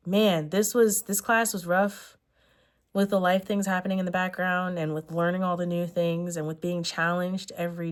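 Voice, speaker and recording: A young adult woman talking in a sit-down vlog chat, earnest and rambling, often correcting herself with fillers. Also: fairly low pitch. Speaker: vlogger.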